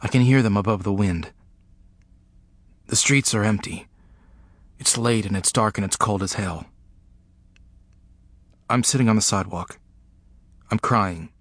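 Slow, grave man reading a memoir. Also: fairly low pitch, no echo. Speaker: narrator. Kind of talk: first-person memoir reading.

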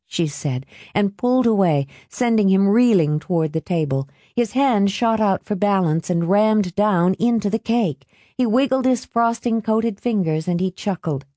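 A woman narrating a novel aloud with steady, expressive reading. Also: medium pitch, normal speed, no echo, clean studio sound. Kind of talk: audiobook narration.

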